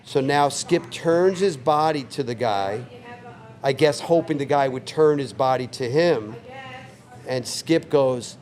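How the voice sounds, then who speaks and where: A man in his sixties, a longtime bar owner, telling a story in a relaxed, vivid way on a couch in his bar. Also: mid-range voice, slow. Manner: relaxed, vivid anecdote teller who acts out quoted lines. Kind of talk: casual storytelling interview.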